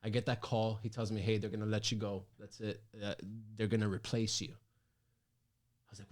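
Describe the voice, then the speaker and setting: A man in his thirties, hosting his own talk show, tells a personal story in casual chat, animated and emphatic with many restarts. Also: on the low side, normal speed. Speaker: podcast host.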